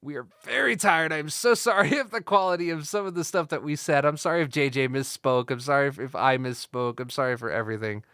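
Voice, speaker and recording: A man's voice: fairly high pitch, fairly quick, few pauses, pushed and bright, smooth, dry recording, clean studio sound. Tired, profane young podcast guy. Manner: rambling, profane, joking. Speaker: podcast co-host. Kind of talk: casual chat.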